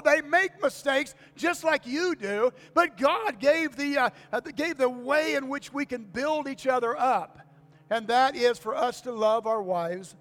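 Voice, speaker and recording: A man's voice: extremely high pitch, a bit bright. An older man preaching to his congregation in a folksy manner, repeating key lines and asking for amens. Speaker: pastor. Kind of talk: sermon. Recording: long reverb of a church hall.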